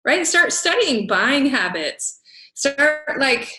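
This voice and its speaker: A woman giving an energetic motivational talk as a business coach, speaking to a laptop on a video call and punctuating her points with quick rhetorical questions. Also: high-pitched, background noise. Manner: energetic, punchy, keeps asking "right?". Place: away from home, speaking to a laptop.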